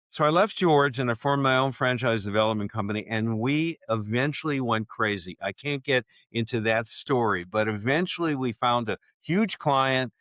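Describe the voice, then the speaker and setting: A man in his seventies, appearing as a guest author in an interview, tells a personal story with animation and acts out the voices of the people he quotes. His voice is medium in pitch, and the recording is dry.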